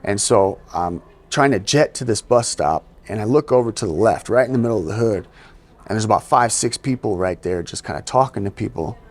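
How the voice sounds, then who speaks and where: A man's voice: fairly low pitch, animated, brisk. A man, a guest on an interview show, telling his life story in casual, conversational talk, often adding "you know". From US East Coast. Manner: conversational, sprinkles in "you know" and acts out quotes. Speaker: podcast guest.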